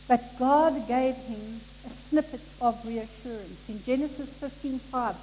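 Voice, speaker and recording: A woman's voice: sits high, normal speed, hardly any pauses. Lady giving a sermon, swoops up and down a lot, long hall echo, faint hiss. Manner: expressive, acts out the people in the story. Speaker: preacher. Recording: echoey hall with faint noise.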